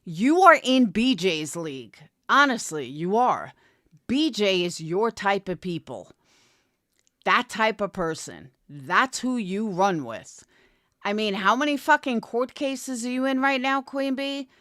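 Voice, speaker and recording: A woman's voice: mid-range voice, expressive, measured pace, a bit bright, dry recording, clean studio sound. A woman commentary creator delivering a profane, contemptuous callout rant, confrontational throughout. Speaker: commentary YouTuber.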